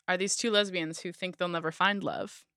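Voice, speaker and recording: Woman, playful podcast co-host, smooth bright voice, dry close recording. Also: on the low side, fairly even intonation, no echo. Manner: playful, jokey, quick asides. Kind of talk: casual book chat.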